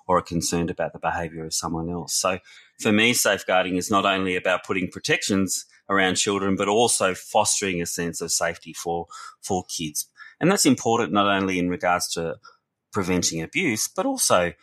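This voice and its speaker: Earnest man, very deep voice. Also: normal speed, fairly bright tone. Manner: earnest, reflective, frequent restarts. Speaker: researcher and former youth worker. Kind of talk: conversational podcast discussion.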